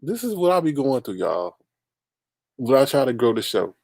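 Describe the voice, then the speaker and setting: Gravelly, animated man hosting a livestream. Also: mid-range voice, moderate pace, no echo. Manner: exasperated, laughing, talks to chat as "y'all". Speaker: livestream host. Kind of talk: casual livestream chat.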